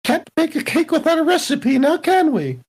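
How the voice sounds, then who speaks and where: A player voicing a practical crew member in a tabletop game, speaking wryly and dropping into low murmurs. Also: sing-song, moderate pace, darkish tone, low-quality recording. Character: practical crew member who bakes, curious and wry.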